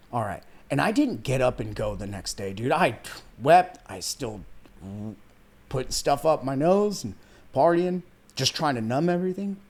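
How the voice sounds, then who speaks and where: A man's voice: mid-range voice, a little mellow. A man in his thirties from Iran, a weight loss coach and podcast guest, telling his life story in an earnest, heartfelt, casual way, calling the host "man" and "dude" and at times close to tears. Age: 30s. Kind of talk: casual interview conversation.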